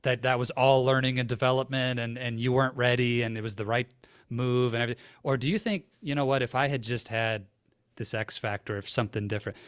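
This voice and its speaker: A man's voice: medium pitch, flat delivery, fast talker, smooth, no echo. A man hosting an interview podcast, asking earnest, reflective questions. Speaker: podcast host. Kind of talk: interview conversation.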